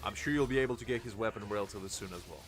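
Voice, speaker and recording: A man's voice: lowish voice, racing, soft background music. Jokey, tired man streamer chatting. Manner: jokey, laughs often, reads chat aloud. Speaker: game streamer. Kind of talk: casual live-stream chat.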